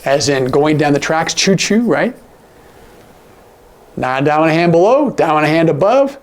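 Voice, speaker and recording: A man teaching sign language in a casual, animated way, acting out example lines with big jumps in his voice. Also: on the high side, a little slow. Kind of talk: casual instructional talk.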